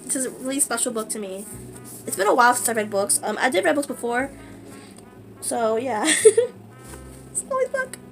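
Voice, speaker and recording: A woman vlogging casually, gushing and excitable, with lots of fillers. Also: a little high, fairly quick, long pauses, soft background music. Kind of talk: casual book vlog.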